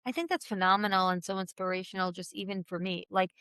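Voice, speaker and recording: Chatty woman host, smooth and dry. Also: medium pitch, fairly even intonation, fast talker, fairly bright tone, no echo. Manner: chatty, open, rambling. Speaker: podcast host. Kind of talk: podcast interview.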